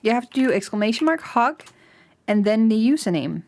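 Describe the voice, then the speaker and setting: A young woman talks casually to her live-stream chat in a slightly high voice. She giggles a lot, and her voice jumps up into excited squeals. The talk is loose and chatty, full of restarts and fillers. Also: a little fast.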